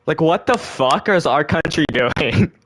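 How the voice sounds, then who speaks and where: A man's voice: fairly high pitch, lively intonation, measured pace, fairly bright tone, dry recording. Rambling, profane young man on a podcast. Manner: rambling, profane, self-correcting. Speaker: podcast host. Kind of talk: casual conspiracy chat.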